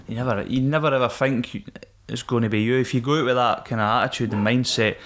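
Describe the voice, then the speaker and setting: A man's voice: mid-range voice, fairly even intonation, quick pace, fairly bright tone. Swearing Scottish man telling war stories. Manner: frank, swears often, laughs things off. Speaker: podcast guest, former Royal Marine. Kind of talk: casual storytelling.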